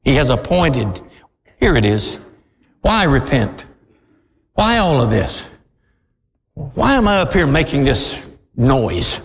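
A man preaching a fiery, old-fashioned sermon, swinging between shouted peaks and low, drawn-out lines. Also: very animated, creaky, big-room sound, a little hiss or hum.

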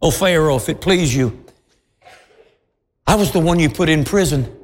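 A man's voice: a little high, moderate pace, close to an everyday voice. A man voicing a nervous male royal servant who stammers and grovels before a king. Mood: groveling. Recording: long hall reverb.

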